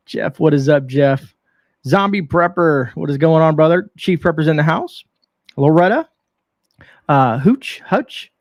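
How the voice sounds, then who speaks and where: Gravelly Canadian-raised man hosting a live stream. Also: a little high, no echo. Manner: friendly, reads out viewer names. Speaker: host.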